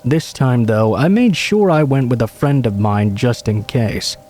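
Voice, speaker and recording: A man calmly reading true horror stories aloud as a scripted narration. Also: mid-range voice, measured pace, faint music behind.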